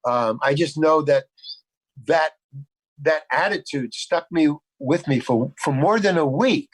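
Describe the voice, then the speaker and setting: Man from the United States, lively storyteller, slightly high voice, dry sound, video call interview. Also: a little slow, husky, dry recording, rough recording. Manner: animated anecdote-telling with restarts and acted-out quotes. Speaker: guest actor.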